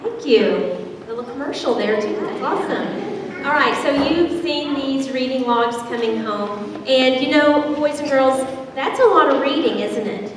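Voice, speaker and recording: A fairly high-voiced woman librarian speaks cheerfully to children and their parents. She is recorded from far off in a large echoey hall, with clear noise underneath. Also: lively intonation, measured pace. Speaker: school librarian. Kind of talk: announcing a reading challenge at a school event. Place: school gathering space.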